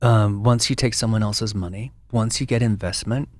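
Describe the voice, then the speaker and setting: A man guest and brand founder in a casual interview, an animated storyteller with frequent restarts. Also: fairly low pitch, moderate pace, no echo.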